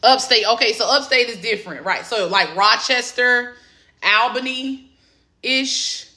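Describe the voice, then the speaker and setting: A woman from the Southern United States with a Southern accent, an exam prep coach chatting on a phone live stream in an excitable, encouraging way. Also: fairly high pitch, slow. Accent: Southern American. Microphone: phone camera.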